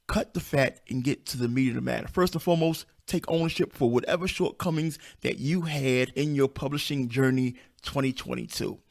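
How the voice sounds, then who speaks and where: Man, 50s, squeaky voice, gravelly fry, podcast host, coaching monologue, emphatic, repeats himself for stress. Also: a little mellow. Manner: blunt and down-to-earth. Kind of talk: unscripted motivational podcast monologue.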